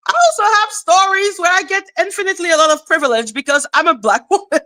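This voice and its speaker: A woman hosting a casual livestream chat, animated and casual, checking in with viewers with "okay?", laughing often and swearing casually. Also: very high voice, quick pace. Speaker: livestream host.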